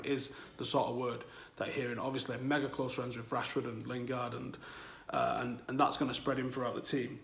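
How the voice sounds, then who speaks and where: A man's voice: medium pitch, fairly bright tone, echoey room. A man hosting a football channel, talking candidly to his audience from home and swearing freely. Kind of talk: casual monologue to camera. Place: at home, new flat.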